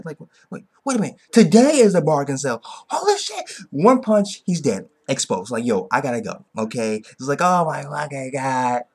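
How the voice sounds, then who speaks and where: Excitable man rambling through a review. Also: mid-range voice. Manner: excitable, rambling, keeps tagging "okay?"; swears freely. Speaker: anime reviewer. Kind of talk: casual episode review.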